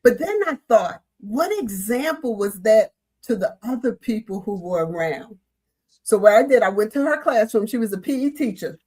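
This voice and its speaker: Animated storytelling woman. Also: a little high, normal speed, husky. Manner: animated storyteller, acts out quoted voices. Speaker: panelist sharing a school story. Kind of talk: casual panel talk.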